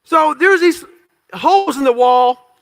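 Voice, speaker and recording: A man gives a storytelling motivational talk, relating episodes from his life bluntly and with swearing while acting out the dialogue of others. His pitch is extremely high, his intonation lively and his pace measured.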